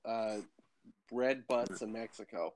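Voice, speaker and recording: A man co-hosting a podcast in casual chat, joking and quick to riff. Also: fairly low pitch, rough recording. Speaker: podcast co-host.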